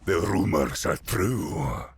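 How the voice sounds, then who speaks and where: A man's voice: low voice, expressive, slow pace, creaky, slightly rough, full character voice. A man voicing a sneering four-armed alien mercenary. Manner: sneering, mocking.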